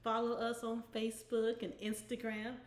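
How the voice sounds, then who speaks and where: A woman's voice: a little high, monotone, moderate pace, reverberant. A woman hosting a weekly inspirational devotional, talking conversationally and often checking in with "right?". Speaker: devotional host.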